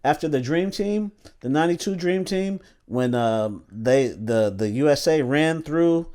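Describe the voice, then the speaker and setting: A man's voice: on the high side, expressive, unhurried, a little mellow, smooth. A man co-hosting a casual sports podcast who rambles, restarts his sentences and hunts for names as he talks. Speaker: podcast co-host.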